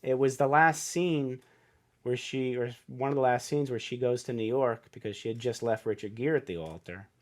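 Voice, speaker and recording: A man's voice: mid-range voice, normal speed. Middle-aged male author, guest on a podcast. Earnest, emotional storyteller with a mid-range voice. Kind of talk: casual storytelling interview.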